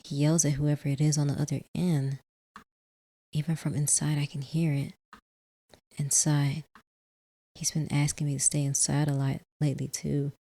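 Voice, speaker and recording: A woman hosting a let's play, reading a visual novel in the first person, softly, with casual asides. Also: low-pitched, level tone, moderate pace, pauses often.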